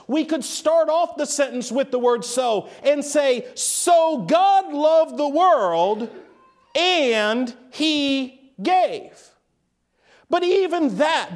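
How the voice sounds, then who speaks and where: A man preaching a sermon, stretching out quoted phrases and now and then raising his voice for emphasis. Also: very high-pitched. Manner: emphatic, drawn-out quotes with bursts of raised voice.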